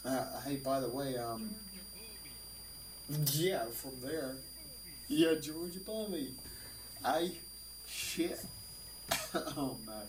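Drunk man, finnish accent, slurred rambling, slow, roomy off-mic sound with guitar music. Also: mid-range voice, far from the mic, noisy background. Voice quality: slurred, rambling, heavy swearing. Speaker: livestreamer playing guitar. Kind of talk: casual drunken stream chat.

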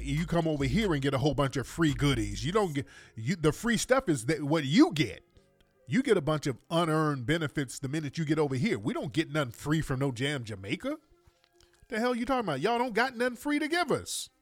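A man hosting a podcast, commenting on a played clip in an indignant, mocking way with repeated rhetorical questions. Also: on the high side. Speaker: podcast host.

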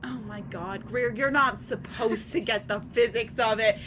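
A woman's voice: a little high, normal speed, noisy background. A young woman in casual chat, giggling and swearing as she retells a fan fiction story.

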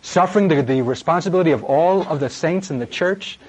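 A middle-aged man preaching a sermon, impassioned and dramatic, swinging from loud emphasis to hushed words. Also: a little high, expressive, fairly quick, breathy edge, rough recording.

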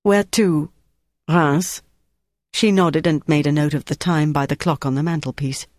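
A narrator reading a novel in steady, scripted storytelling. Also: mid-range voice, fairly quick, no room sound, clean studio sound. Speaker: audiobook narrator.

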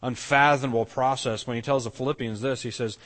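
A man's voice: mid-range voice, fairly even intonation, a little fast, a bit bright, in a large hall. A man preaching a sermon as pastor, earnest, often restarting and repeating words as he explains. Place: church sanctuary.

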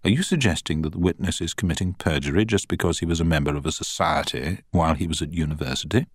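A man voicing a measured older male judge who speaks with dry, formal authority. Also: a bass voice, slightly rough, no echo. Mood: judicial.

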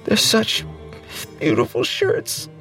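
A man's voice: slow, bright, forceful tone. A man reading aloud and voicing a sobbing young woman overcome with emotion, heard from a distance over music. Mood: tearful. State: crying.

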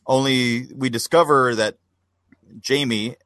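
A man steering a casual podcast recap, halting often with "uh". He talks at a middle pitch. The recording is dry and close. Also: fairly even intonation, a bit bright, no echo. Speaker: podcast co-host. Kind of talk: casual chat.

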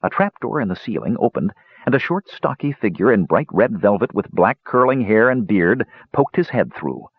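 A man narrating an audiobook in an expressive, measured reading. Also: lowish voice, husky, dry recording. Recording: dull lo-fi recording.

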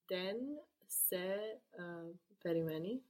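A woman answering as a learner in a language lesson, giving hesitant replies with pauses. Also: fairly low pitch, steady tone, a little mellow.

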